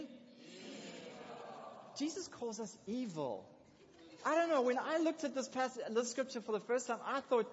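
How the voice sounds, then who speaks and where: A man preaching a sermon in a lively, conversational way, with excited asides. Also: very high voice, normal speed, pauses often. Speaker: pastor. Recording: dull lo-fi recording in a reverberant hall.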